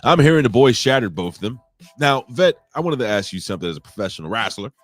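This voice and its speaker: A man's voice: medium pitch, very animated, fast, no room sound, faint music behind. A man co-hosting a live wrestling podcast, rambling, joking and swearing freely in casual chat.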